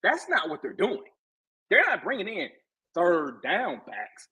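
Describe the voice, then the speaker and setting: A man's voice: high-pitched, unhurried, husky, poor audio. A man talking football on a casual sports podcast as a guest co-host. He talks with passion and repeats himself to drive a point home. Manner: impassioned, animated, repeats himself for emphasis.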